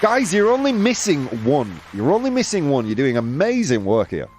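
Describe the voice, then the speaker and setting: A man's voice: on the high side, wildly swooping pitch, normal speed, crowd noise, background noise. A man hosting a live quiz game with his audience, reading out their answers in a playful way and laughing often. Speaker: host. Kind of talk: live-stream game show with chat.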